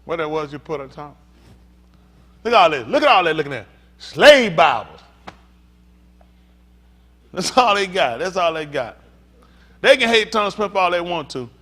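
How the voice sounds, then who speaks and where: A man preaching a sermon as pastor, swinging from hushed talk to shouting. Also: sits high, very animated, moderate pace, long pauses.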